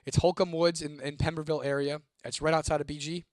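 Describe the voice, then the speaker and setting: A young man tells his viewers a spooky story, swearing freely and keeping it lively. His voice sits a little high for a man, and the sound is dry and close with no room echo. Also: quick pace. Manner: profane, animated, reads a viewer comment aloud. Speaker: host.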